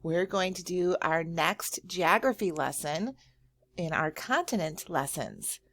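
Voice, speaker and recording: A woman teacher giving a slow, encouraging lesson to young children, drawing out words and praising often. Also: on the low side, expressive, a bit bright. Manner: drawn-out words, frequent praise and thinking hums.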